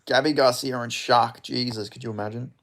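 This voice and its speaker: Excitable man reacting to a live fight. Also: medium pitch, a little fast. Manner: excitable, swearing, bursts into loud reactions. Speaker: streamer hosting a live fight watch-along. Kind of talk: live casual fight commentary.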